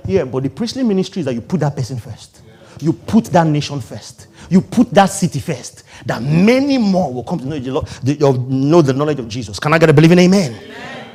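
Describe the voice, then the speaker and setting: A man preaching a sermon, switching between loud calls to the congregation, low asides and laughter. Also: expressive, a little fast. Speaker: pastor.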